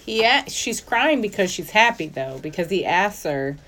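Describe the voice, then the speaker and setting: A woman co-host talks casually on a podcast, and her pitch moves lively up and down. She jumps in to fill in details and corrects small points in the story. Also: normal speed, a little hiss or hum. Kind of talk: casual chat.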